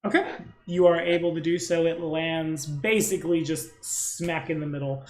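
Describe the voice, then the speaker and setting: Echoey, higher-voiced game master. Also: male voice, level tone, normal speed. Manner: casual, rambling, teasing. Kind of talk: narrating a tabletop game.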